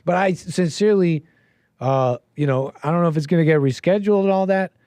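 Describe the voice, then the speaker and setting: A man's voice: a little high, a little fast, a little mellow, smooth, dry recording. A man hosting a call-in show, talking casually and rambling, with lots of restarts and easy laughs.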